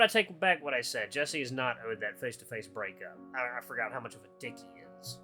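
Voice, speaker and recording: With faint guitar music behind him, a gaming channel host reads a visual novel in first person. His mid-range voice moves briskly with few pauses, and he narrates expressively, slipping in casual asides.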